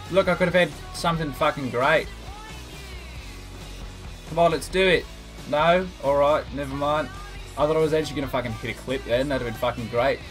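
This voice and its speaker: A young man swearing and bantering while doing comic impressions of his gaming friends over gameplay. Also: mid-range voice. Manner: profane, rowdy banter.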